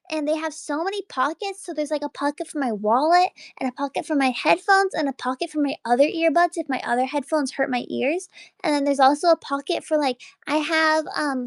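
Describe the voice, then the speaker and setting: A high-pitched woman streamer rambles through a casual late-night chat. She is excitable and breaks into laughter often. The sound is dry and close. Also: dry recording.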